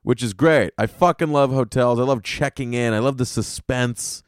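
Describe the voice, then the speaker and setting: Man, podcast host, comedic rant, profane, animated, average pitch, dry sound. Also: normal speed, clean tone, no room sound.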